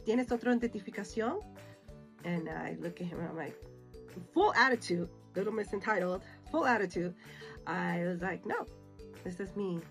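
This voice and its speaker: A woman from the United States, middle-aged, telling a story to camera in a casual, animated way, acting out the dialogue and slipping into Spanish phrases. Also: mid-range voice. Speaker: vlogger.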